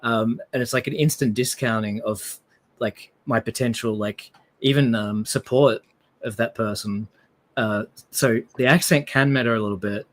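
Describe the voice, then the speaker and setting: A man's voice: mid-range voice, moderate pace. Rambling Australian man chatting. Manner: rambling, lots of fillers and hedges. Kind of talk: casual discussion.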